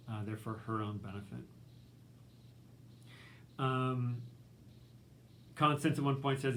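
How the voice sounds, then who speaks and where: A man's voice: medium pitch, takes it slowly, pauses often, fairly bright tone, slight background noise. A male literature professor giving a recorded lecture in a casual, conversational way, full of ums and likes, reading quotes aloud.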